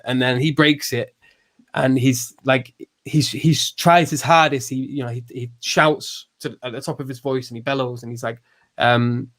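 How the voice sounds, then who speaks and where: A man's voice: mid-range voice, a bit bright. A man hosting a podcast, explaining philosophy in a loose, thinking-aloud way with many restarts and fillers. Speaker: podcast host. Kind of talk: casual philosophical discussion.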